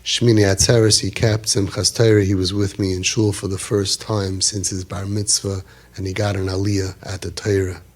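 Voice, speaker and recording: A man's voice: low-pitched, level tone, moderate pace. A man in his fifties telling a personal story animatedly, peppered with Yiddish and Hebrew words. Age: 50s. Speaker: storyteller speaker.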